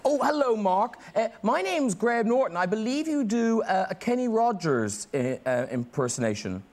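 A man's voice: high voice, sing-song, normal speed, darkish tone. A man with an Irish accent hosting a TV talk show, cheeky and teasing, laughing through his chat. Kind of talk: comic studio chat. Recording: TV studio with live audience.

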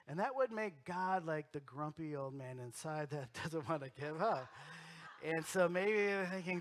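A middle-aged man, a pastor, preaching a sermon in a church and telling stories, moving between loud emphasis and quiet, close moments. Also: a little high, expressive, unhurried. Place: church sanctuary.

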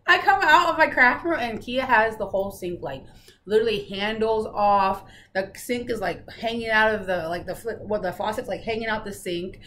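A woman's voice: mid-range voice, moderate pace, a bit bright. A young adult woman hosting a casual flosstube update from her living room, chatty and laughing often as she tells a story. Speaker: flosstube host. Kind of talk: casual chat.

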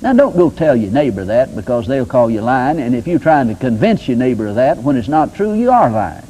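A man's voice: mid-range voice, big pitch swings, a little fast, warm tone, slightly rough, rough recording. An older man preaching a sermon in a folksy, conversational way with homespun examples. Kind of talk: sermon teaching.

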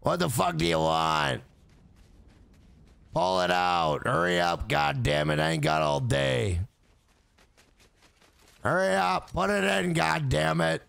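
A man voicing a bored, impatient woman phone operator who chain-smokes, with a gravelly smoker's rasp. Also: a little high, slow pace, long pauses, a bit bright, no room sound, heavily acted. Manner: gruff, impatient and unenthused.

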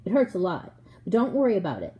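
A woman reading the part of an injured father who speaks lower and steadily to reassure his son. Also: wildly swooping pitch, fast talker, warm tone. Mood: calm.

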